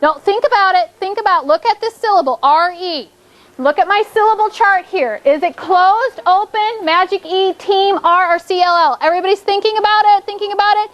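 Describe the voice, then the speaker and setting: A woman's voice: very high-pitched, moderate pace, a bit bright. A woman teaching a fourth grade phonics lesson in a classroom, drawing out her prompts and repeating cues as the class thinks.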